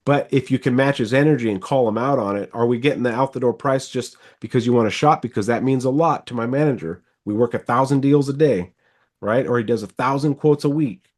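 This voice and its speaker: Animated man coaching car sales. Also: mid-range voice. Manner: animated, rambling, quick bursts. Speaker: sales trainer, podcast host. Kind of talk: casual coaching chat.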